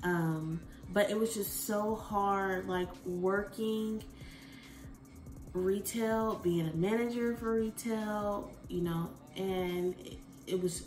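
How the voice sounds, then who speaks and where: A woman's voice: fairly low pitch, distant mic. Chatty woman in her twenties, roomy echo. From United States. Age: 20s. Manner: rambling, expressive, jumps between soft and loud. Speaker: vlogger. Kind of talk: casual chat. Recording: roomy echo, from the mic, faint music.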